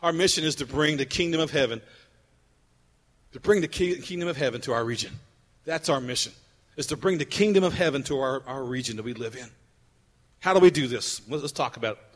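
A man preaching a sermon as pastor, driving his points home through repetition and moving between loud, emphatic stretches and low, quiet ones. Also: fairly quick, pauses often. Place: church sanctuary. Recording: long hall reverb.

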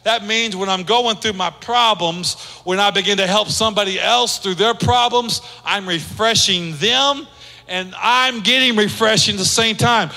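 Pastor, male, high bright voice, casual preaching with acted-out quotes, church hall reverb. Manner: conversational preaching, acts out quoted speech. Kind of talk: sermon.

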